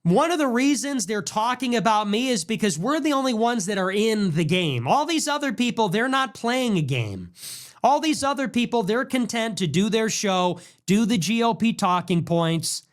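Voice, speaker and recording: A man's voice: sits high, very animated, moderate pace. A young man hosting a podcast, delivering a combative political monologue and repeating his ultimatums in a mocking tone. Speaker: podcast host.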